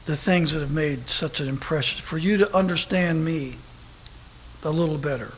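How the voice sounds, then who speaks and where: A man preaching a sermon at a church service, telling a story with lively, animated delivery that bursts into shouting. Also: on the high side, normal speed. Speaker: pastor. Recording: long hall reverb with faint noise.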